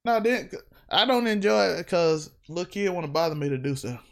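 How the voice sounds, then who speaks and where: A man hosting a podcast in casual chat, joking with quick asides. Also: high voice, animated, vocal fry. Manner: joking, acts out relatives' voices, quick asides. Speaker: podcast host.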